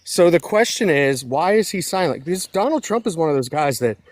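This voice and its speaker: A man's voice: a little high, very animated, a little fast. A man co-hosting a casual political chat, out of breath while walking outside by a road, joking and sarcastic. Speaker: co-host.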